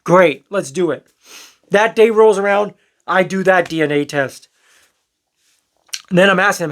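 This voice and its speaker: Young guy, fairly high voice, rambly candid storytime with some swearing. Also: moderate pace, pauses often, fairly bright tone. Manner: candid, rambling, swears, acts out quoted lines. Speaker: storyteller vlogger. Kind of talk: casual storytelling to camera.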